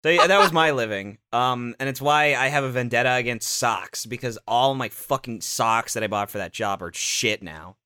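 Young male podcast host, bright and crisp, dry close mic, profane banter. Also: medium pitch, normal speed, hardly any pauses, no room sound. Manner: rambling, profane, joking.

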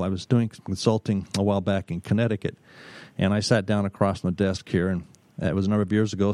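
A middle-aged man, a business consultant, telling stories in an emphatic talk, pausing often and repeating words. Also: fairly low pitch, mellow, no room sound. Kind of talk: storytelling talk.

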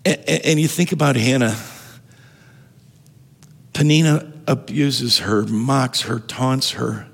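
Male pastor preaching in a big reverby church, gravelly, bit husky, keeps restarting his sentences. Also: mid-range voice, fairly even intonation, slow, pauses often, a bit bright. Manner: conversational, repeats words and restarts often. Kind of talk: sermon. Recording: long hall reverb.

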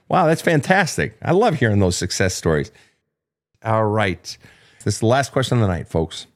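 A man in his fifties with a fairly low voice, hosting an advice show. He tells stories candidly and with animation, swears freely and laughs at his own mistakes. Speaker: podcast host answering listener questions. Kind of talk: casual storytelling and advice.

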